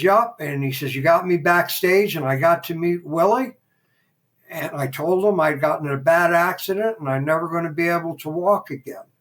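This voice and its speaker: Older man, animated raconteur. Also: fairly high pitch. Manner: animated raconteur who acts out quoted dialogue. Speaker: podcast guest. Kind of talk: casual interview storytelling.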